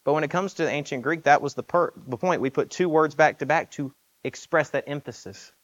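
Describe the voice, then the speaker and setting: A man's voice: on the high side, fairly quick, highs cut off. A man preaching a sermon in an earnest, emphatic way, asking rhetorical questions.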